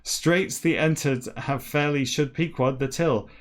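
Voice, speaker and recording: Guy reading a novel backwards for laughs, real slow and halting, mutters quick asides, middle pitched voice. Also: fairly even intonation. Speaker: comedy podcast reader.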